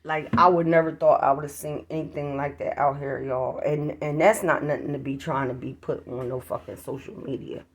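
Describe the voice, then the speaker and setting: Vlogger, gravelly voice, casual rambling chat, swears often, talks to viewers, phone mic, at home. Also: mid-range voice, fairly even intonation, moderate pace, few pauses, a little hiss or hum. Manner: profane, rambling, addresses viewers as y'all. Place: at home, near a street.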